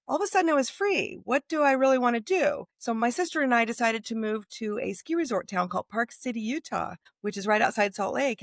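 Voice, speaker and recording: A chatty American woman in her fifties, a guest author, tells stories in a casual interview. Her voice is fairly high, and as an animated storyteller she brings every quoted line of dialogue to life. The recording is close and dry, with no room echo.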